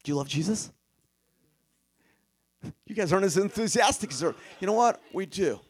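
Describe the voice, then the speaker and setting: A man delivering a sermon in a lively, fairly high voice that swings widely in pitch. He presses his points with rhetorical questions and answers them himself, sometimes sinking to a near whisper before building up again. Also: normal speed, husky. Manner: emphatic, with rhetorical questions and sudden drops to a hush. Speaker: preacher.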